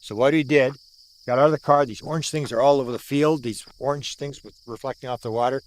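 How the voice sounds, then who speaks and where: A man's voice: medium pitch, fairly even intonation, quick pace. A man in his sixties from Canada, an older UFO researcher telling a story outdoors, repeating words for emphasis and acting out what people said. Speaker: UFO researcher recounting a sighting. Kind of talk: animated storytelling. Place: outdoors at the sighting site.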